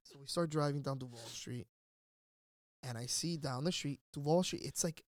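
A man telling a wild story in casual chat, animated and swearing, shouting out the lines he quotes. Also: fairly high pitch, normal speed, no room sound. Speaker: podcast guest storyteller.

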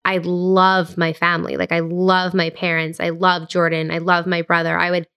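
A young woman co-hosting a podcast, talking softly and earnestly into a studio microphone. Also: fairly low pitch, monotone, normal speed, smooth. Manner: soft, earnest, drifting near a whisper. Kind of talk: casual chat. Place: recording studio.

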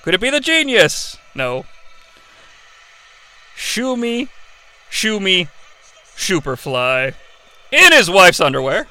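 A man hosting a live watch-along of a wrestling match, calling the action in an excitable, profane way. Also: high voice, no echo. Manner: excitable, profane, yelling play-by-play. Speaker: host.

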